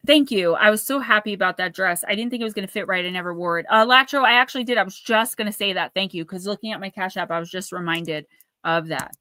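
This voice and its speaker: A woman hosts a live stream of oracle card readings, talking in a loose, rambling and animated way. Her voice is bright and forward. The sound is close and dry. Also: medium pitch, quick pace, no room sound. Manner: chatty, rambling, animated storytelling.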